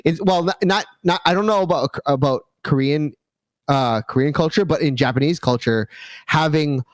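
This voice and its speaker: A man's voice: on the high side, moderate pace, no echo. A man co-hosting a podcast, telling crude stories in casual chat, cursing freely and filling his talk with "like". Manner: animated, profane storytelling full of "like". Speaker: podcast co-host.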